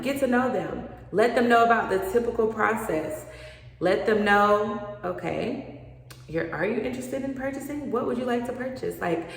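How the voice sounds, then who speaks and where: A woman's voice: lowish voice, gravelly, a bit bright. A woman in her thirties, a loan officer, giving frank and emphatic advice straight to camera, repeating points for stress. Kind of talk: direct-to-camera advice vlog. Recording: very echoey room with long reverb.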